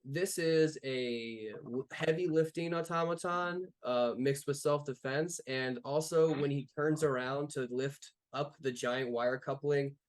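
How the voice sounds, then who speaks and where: A man's voice: on the high side, a little slow, few pauses. A man narrating as game master of a tabletop game, describing scenes loosely with many fillers.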